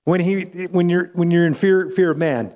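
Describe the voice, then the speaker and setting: A high-voiced man with a darkish tone gives a sermon at normal speed in a space with a big-room sound. He is a pastor and an adult parent who speaks conversationally and dramatizes the voices within his story.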